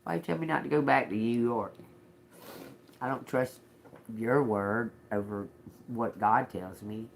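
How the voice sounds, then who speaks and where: A man's voice: mid-range voice, unhurried, creaky, long pauses. Chatty, cussing livestream tarot reader man. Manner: chatty, talks straight to viewers, laughs often; swears, snaps back at chat commenters. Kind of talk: casual livestream tarot reading.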